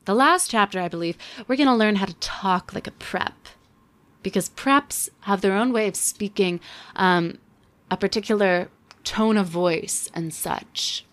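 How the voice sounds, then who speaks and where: Young woman, sarcastic and deadpan, unhurried delivery, casual book commentary. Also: medium pitch. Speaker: book reviewer.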